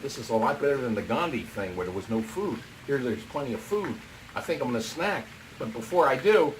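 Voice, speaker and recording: A man telling a story in a casual monologue, excitable and swinging between hushed and loud. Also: medium pitch, brisk, far from the mic, slight background noise, poor audio. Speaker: vlogger.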